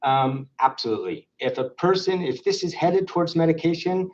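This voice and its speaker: A man's voice: on the high side, lively intonation, moderate pace, darkish tone. A man lecturing on psychiatry in a conversational way, with frequent fillers and restarts. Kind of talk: clinical lecture. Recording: dull lo-fi lecture recording.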